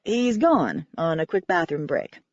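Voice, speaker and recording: Woman doing a polite older guy, smooth and persuasive, dull dry sound. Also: deep voice, very animated, a little slow, no room sound, voice pushed down, heavily acted. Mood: courteous. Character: smooth older male door greeter, courteous.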